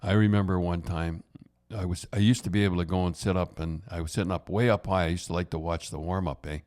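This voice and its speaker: A man's voice: deep voice, fairly even intonation, fast talker, darkish tone. An older man with a Canadian accent, hosting a podcast and telling hockey stories in a rambling way, restarting often and tagging lines with "eh". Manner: rambling, repeats and restarts, says "eh". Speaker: podcast host. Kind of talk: casual hockey storytelling.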